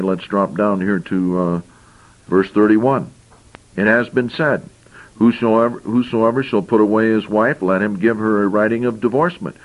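A man's voice: medium pitch, poor audio. A man preaching a sermon, reading scripture verses aloud and explaining them, with frequent repeated phrases.

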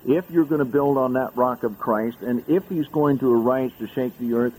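Man as pastor, sermon delivery, reads verses with sharp upward emphasis, faint hiss on an old radio recording. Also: moderate pace, hardly any pauses, rough recording. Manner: reads scripture aloud, rising high with emphasis.

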